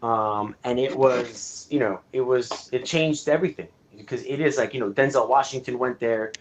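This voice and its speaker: A man's voice: medium pitch, normal speed, slight background noise. Candid, profane man telling his story. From Canada. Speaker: guest film director. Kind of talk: casual interview chat.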